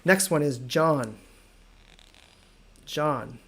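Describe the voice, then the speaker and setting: An American man teaching an online English lesson, repeating words slowly and joking with viewers. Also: on the high side, fairly bright tone, husky. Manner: slow careful repetition of words, friendly and joking.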